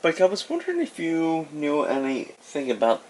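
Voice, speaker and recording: A man's voice: fairly high pitch, huge pitch swings, normal speed, slight background noise, poor audio. A man playing a tabletop game, talking casually in character. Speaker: player. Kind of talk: tabletop game role-play.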